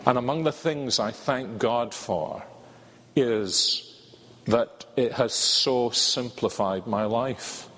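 An older man with a Scottish accent preaching a sermon in a measured, earnest way, drawing out key words. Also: mid-range voice, fairly bright tone. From Scotland. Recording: reverberant hall.

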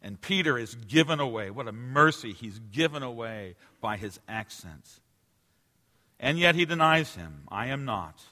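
A man in his forties delivers a sermon with a bright, forceful tone. He swings from ringing emphasis down to near-whispered asides. His voice carries the long reverb of a large church sanctuary. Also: medium pitch, expressive, unhurried. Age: 40s. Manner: emphatic, swinging from loud to hushed. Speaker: pastor.

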